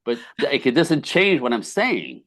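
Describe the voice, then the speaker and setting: A man's voice: mid-range voice, wildly swooping pitch, a little slow, fairly bright tone, no echo. A middle-aged man, a podcast guest, telling relationship stories with emphasis and acting out the dialogue. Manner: emphatic storyteller, acts out dialogue, laughs often. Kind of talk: animated conversational interview.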